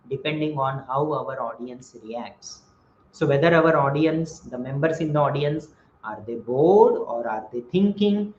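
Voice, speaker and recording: A man gives a webinar lecture on communication and voices example sentences to show rising and falling tones. His voice sits a little high, and it is heard through a dull, echoey computer mic with faint noise behind. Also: darkish tone. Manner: explanatory, gives spoken examples of intonation. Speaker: webinar speaker on communication skills. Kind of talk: lecture on speaking and body language.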